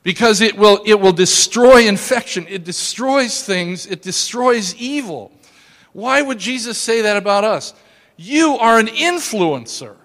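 High-voiced pastor preaching in a reverberant church. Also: male voice. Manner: emphatic, calls out to the congregation, shifts from hushed asides to loud exclamations. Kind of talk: sermon. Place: church sanctuary.

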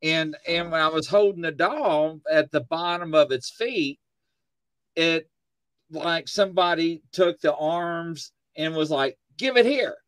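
A man hosting a casual chat show from his studio, telling stories with lively acted-out quotes. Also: fairly high pitch, slow pace, no room sound. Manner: animated storyteller, acts out quotes. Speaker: host. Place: home studio.

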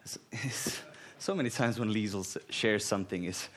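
A man's voice: fairly low pitch, normal speed. A man from Finland with a Finnish accent, a guest preacher telling personal stories and laughing often. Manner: laughs often, animated and self-deprecating.

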